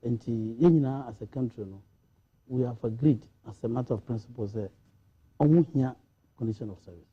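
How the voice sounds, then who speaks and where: A man's voice: medium pitch, normal speed, mellow, husky, dull audio. A man with a Ghanaian accent, a panelist in a studio discussion, talking animatedly and switching between Twi and English.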